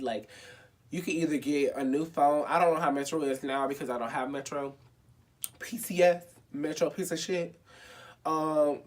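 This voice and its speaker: A young man in his twenties tells a personal story in a casual vlog, dramatic and expressive, swearing freely and saying "like" a lot. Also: mid-range voice. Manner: dramatic, expressive and profane, with lots of filler "like". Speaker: vlogger.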